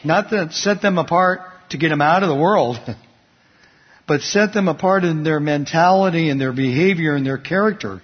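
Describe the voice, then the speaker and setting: A man's voice: a little high, normal speed, husky. A man preaching a sermon, conversational, asking the congregation questions and telling personal stories. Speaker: pastor. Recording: dull lo-fi recording in a reverberant hall.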